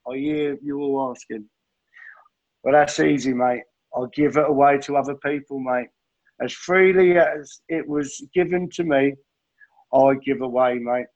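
A man's voice: medium pitch, measured pace, a little mellow, muffled recording. A man sharing his recovery story at a meeting, earnest and heartfelt, often calling listeners "mate". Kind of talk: personal testimony at a recovery meeting.

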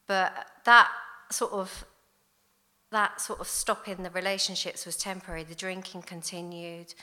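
A woman, giving a candid, blunt recovery testimony in an animated storytelling way. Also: on the low side. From London. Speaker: recovery speaker. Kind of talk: personal testimony talk.

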